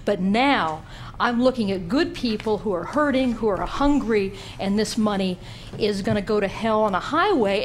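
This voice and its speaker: A woman's voice: medium pitch, expressive, normal speed. Woman speaking up at a county meeting, worked up and emphatic, bit of room noise. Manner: emotional, indignant and emphatic. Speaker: public commenter. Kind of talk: public comment at a county board meeting.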